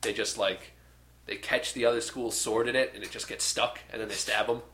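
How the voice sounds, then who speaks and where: A young podcast co-host with a lowish, fairly even, sharp-toned voice speaks briskly while retelling a movie in casual chat. He rambles, leans heavily on fillers, and acts out scenes, all in an echoey room.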